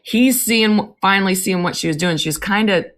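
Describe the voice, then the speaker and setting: A woman's voice: medium pitch, brisk, a bit bright. A woman in her thirties co-hosting a podcast, telling candid family stories and swearing freely in casual chat. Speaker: podcast co-host.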